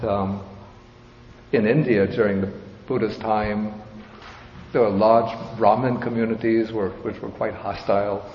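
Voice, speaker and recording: Slow, measured male Buddhist teacher. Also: lowish voice. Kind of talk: dharma talk explaining a scripture. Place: large hall with audience. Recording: reverberant hall, dull sound, faint hiss.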